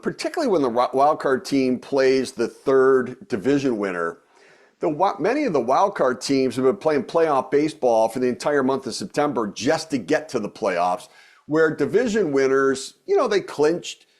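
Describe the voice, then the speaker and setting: Casting note: middle-aged man, mid-pitched, chatty guest who rambles and restarts often. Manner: rambling, many fillers and restarts. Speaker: guest, former baseball executive and radio host. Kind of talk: casual podcast interview.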